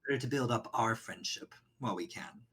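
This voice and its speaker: A man's voice: medium pitch, expressive, fairly quick, fairly bright tone, close to an everyday voice. A man playing a young male student and heir, courteous and assured in tone.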